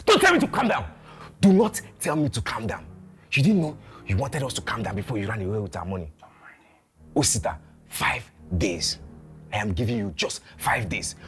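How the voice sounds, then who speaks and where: A man's voice: fairly low pitch, rapid-fire, hardly any pauses, faint music behind, close to an everyday voice. An actor playing a gangster who threatens a man over stolen money, with a Nigerian accent. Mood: menacing. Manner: threatening, loud, repetitive. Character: menacing adult male debt collector gangster. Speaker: gang member demanding a debt. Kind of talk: Nollywood film acting.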